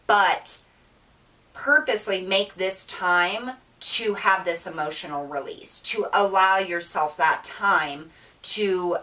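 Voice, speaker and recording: Woman tarot reader, emotional and earnest, lowish voice, repeats herself. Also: sharp tone, recorded from a distance, poor audio. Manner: earnest, repetitive, with many fillers and restarts. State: emotional, near tears. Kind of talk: spiritual tarot reading monologue.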